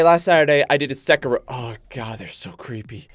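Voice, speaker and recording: A man commentating his own gameplay on a live stream, excitable and rambling, easily spooked by the game, with game music behind him. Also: medium pitch, brisk, dry recording. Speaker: gaming streamer.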